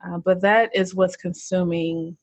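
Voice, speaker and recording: A woman's voice: on the low side, fairly even intonation, measured pace, slightly rough, dry recording. A young American woman, an entrepreneur, talking earnestly and reflectively as a podcast guest. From United States. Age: young adult. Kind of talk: casual interview chat.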